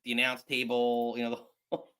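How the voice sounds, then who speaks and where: A man hosts a laid-back wrestling chat, rambling through his points and often stopping to restart. His voice sits at an everyday, mid-range pitch. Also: completely flat delivery, sharp tone, clean tone. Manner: rambling, halting, many restarts. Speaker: podcast host. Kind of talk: casual chat.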